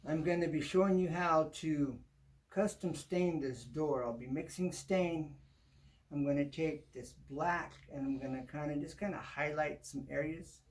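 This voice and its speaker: A man's voice: fairly high pitch, measured pace. A man hosting a home improvement how-to, talking casually as he works and often saying "kinda". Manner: relaxed, talks while working, repeats "kinda" often. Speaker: home improvement show host.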